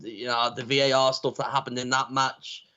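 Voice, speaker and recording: A man speaking as a guest on a casual live football chat, rambling and halting with lots of "you know" and ums. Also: mid-range voice, little pitch movement, bright, forceful tone, smooth, muffled recording. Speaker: guest pundit.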